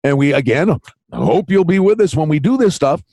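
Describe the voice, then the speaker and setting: An animated man co-hosts a betting podcast with a folksy, chummy way of talking. His voice is slightly high. The recording is dry and close-miked. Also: normal speed, no echo. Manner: animated, folksy, calls partner buddy and pal. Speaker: podcast co-host, betting analyst. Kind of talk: casual sports betting chat.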